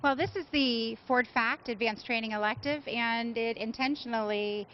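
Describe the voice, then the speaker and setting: A woman's voice: on the high side, fairly even intonation, moderate pace, dull audio, slight background noise. A woman campus president answering questions in a live TV interview from a training shop, composed and informative.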